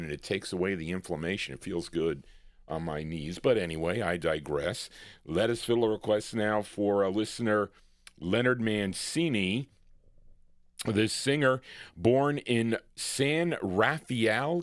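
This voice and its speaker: A man's voice: on the low side, dry recording, studio quality. A man hosting a record show, chatting casually and wandering off topic between songs. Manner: rambling, digressive, folksy. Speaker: radio show host.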